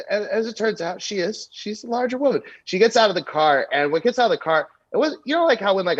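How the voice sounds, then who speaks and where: A man's voice: mid-range voice, no room sound, highs cut off. A young adult man, a comedian, telling a crude story on a podcast with lots of fillers and asides. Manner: animated, crude anecdote telling with many fillers. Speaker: comedian guest.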